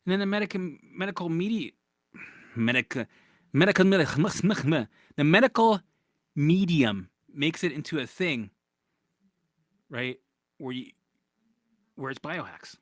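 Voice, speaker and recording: This recovery coach's voice is a little high and expressive, unhurried, with frequent pauses, captured as a dry, clean studio recording. Answering comments in a casual livestream chat, he's blunt and profane and keeps checking in with "right?"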